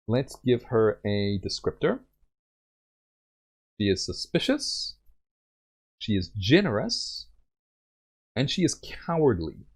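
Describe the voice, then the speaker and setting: A man's voice: fairly low pitch, a little mellow, husky. A young man narrating a solo tabletop game in a rambling way with many fillers.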